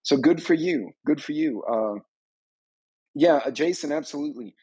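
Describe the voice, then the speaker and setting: A man's voice: on the high side, animated, moderate pace, mellow, slightly rough, no echo, poor audio. A man hosting a live stream on a preparedness channel, giving rambling, conversational commentary on current events.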